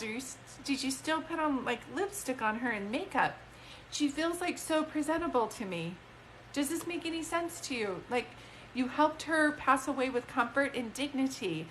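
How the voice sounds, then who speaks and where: A woman working as a psychic medium reads for a caller during a live stream, talking emphatically and chattily, rambling and starting over. Her pitch is fairly high, her pace moderate and tone a bit bright, with slight background noise on a low-quality recording.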